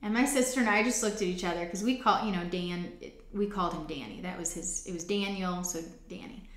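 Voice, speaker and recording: A woman's voice: fairly low pitch, brisk, fairly bright tone. Earnest woman telling her testimony, roomy echo. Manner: earnest, conversational, with frequent restarts. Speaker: host of a faith ministry show. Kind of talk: personal testimony storytelling.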